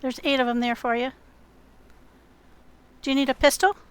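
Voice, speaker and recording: Friendly higher-pitched woman gamer. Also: steady tone, normal speed, a little hiss or hum. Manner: friendly, chatty, many "um" fillers. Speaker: gameplay video host. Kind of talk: gameplay commentary and in-game voice chat.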